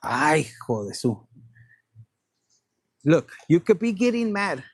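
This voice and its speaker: A man's voice: fairly high pitch, big pitch swings, slow pace, long pauses, slightly rough, dry recording. A man giving a casual tarot reading, playful and profane, dropping Spanish phrases. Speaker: tarot reader.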